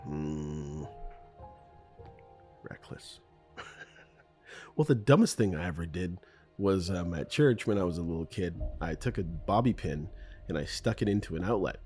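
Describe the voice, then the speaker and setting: A man's voice: sits low, animated, a little fast, warm tone, soft background music. A middle-aged Canadian man hosting a solo podcast, telling personal stories in a rambling, self-correcting way with ums and laughs. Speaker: podcast host. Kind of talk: unscripted solo podcast monologue.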